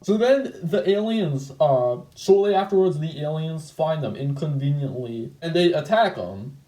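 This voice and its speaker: A man's voice: on the high side, lively intonation, normal speed, mellow, roomy sound, low-quality recording. A man hosting his own video channel, talking through his old comic in a loose, rambling way with lots of fillers and restarts. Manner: rambling, lots of "like" and self-corrections. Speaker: channel host. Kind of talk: casual video commentary.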